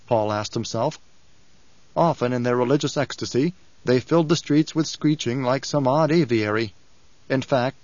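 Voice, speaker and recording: A male narrator reading in a measured, solemn way, mid-pitched. The recording is dry with a slightly dull, muffled tone. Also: a little mellow, no echo. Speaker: audiobook narrator. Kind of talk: scripted narration.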